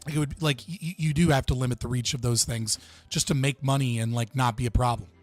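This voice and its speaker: A man's voice: mid-range voice, steady tone, fast, soft background music. A young man hosting a livestream, chatting casually and profanely with his viewers. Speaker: livestream host.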